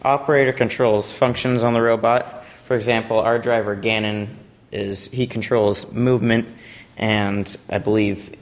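A man's voice: on the low side, fairly even intonation, moderate pace, slight background noise. A young man from a robotics team giving a casual, rambling explanation of a competition robot, with playful asides.

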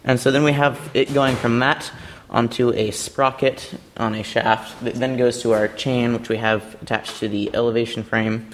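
A man's voice: mid-range voice, flat delivery, moderate pace, hardly any pauses, slight background noise. A young man from a robotics team giving a casual, rambling explanation of a competition robot, with playful asides.

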